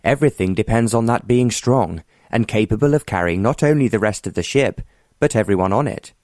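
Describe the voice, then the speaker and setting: A mild former naval officer and earl from a period romance audiobook, wry and quietly stubborn, as a male narrator plays him. His voice sits low, recorded dry and close. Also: animated, a little fast, no echo, natural voice. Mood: calm wry.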